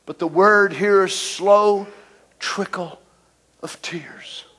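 A man preaching a sermon, swinging from shouts to whispers. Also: high voice, slow, slightly rough.

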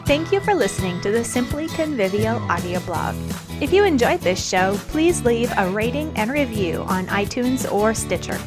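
A woman's voice: fairly high pitch, big pitch swings, normal speed, over music. A middle-aged woman reading her audio blog as a podcast host, cheerful and earnest.

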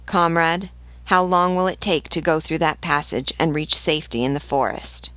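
A woman's voice: sits low, normal speed, fairly bright tone, dry recording. A woman reading as a grim fierce fighter. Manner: grim, blunt.

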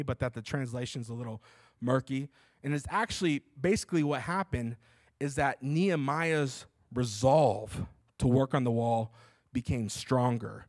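A man's voice: medium pitch, animated, normal speed, no echo. A male pastor preaching a conversational sermon, emphatic and repeating key points, with casual asides.

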